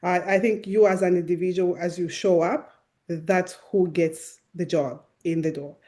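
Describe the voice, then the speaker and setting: Relaxed woman interviewer, full of agreement. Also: lowish voice, normal speed. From Nigeria. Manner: relaxed and affirming, gives lots of short agreements. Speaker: host. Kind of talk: casual conversation.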